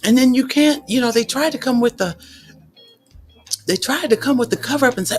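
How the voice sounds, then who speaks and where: A man's voice: very high voice, brisk, long pauses, faint music behind. A man reading out court testimony and reacting with sassy, exasperated commentary, using slang and cussing. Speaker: commentary host.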